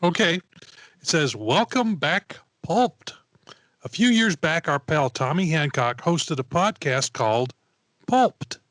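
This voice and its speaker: A man co-hosting a podcast, chatting and reading out an announcement in a steady, plain way. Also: a little high, slow pace, dry recording. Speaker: podcast co-host. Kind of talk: casual chat and reading an announcement.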